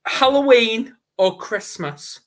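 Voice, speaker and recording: A man's voice: extremely high pitch, animated, takes it slowly, fairly bright tone. A man with a Northern English accent hosting a live online interview in a chatty, upbeat, casual way over a video call. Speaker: host. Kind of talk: live online interview, quick-fire questions.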